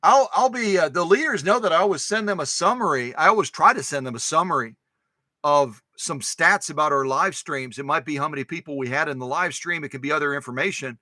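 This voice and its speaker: Speaking a little high and at a brisk clip, a man runs a sewing machine live stream and chats casually with his audience. His manner is animated, full of exclamations and jokes aimed at viewers, and there's no room sound.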